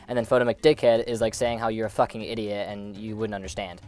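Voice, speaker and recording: A man's voice: mid-range voice, steady tone, clean tone, dry recording. A man narrating a comedic movie recap, sarcastic and profane. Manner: sarcastic, profane, rapid-fire.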